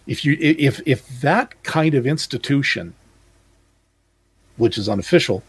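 A man's voice: medium pitch, lively intonation, a little slow, slightly rough. A man in his fifties from Calgary co-hosting a podcast, talking bluntly and emphatically with stumbling restarts. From Calgary, Canada. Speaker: podcast co-host. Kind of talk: casual chat.

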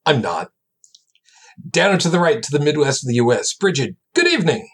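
A man's voice: a little high, big pitch swings, a little fast, a bit bright, husky. A man hosting a live podcast, talking in a rambling, jokey way. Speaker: host. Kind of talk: casual live podcast chat.

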